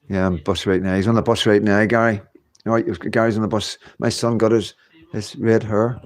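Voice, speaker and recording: Man in his fifties hosting a home livestream, loose and chatty, reads out comments, quick to laugh. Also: lowish voice, flat delivery, slight background noise. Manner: chatty, rambling, laughs often. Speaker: livestream host. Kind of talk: casual livestream chat reading comments.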